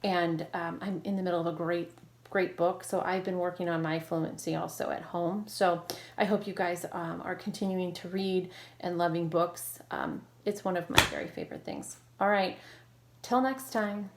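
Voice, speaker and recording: A woman's voice: lowish voice, lively intonation, normal speed, gravelly, noisy background. A woman teacher leading a recorded reading lesson for children, prompting syllables and praising each answer.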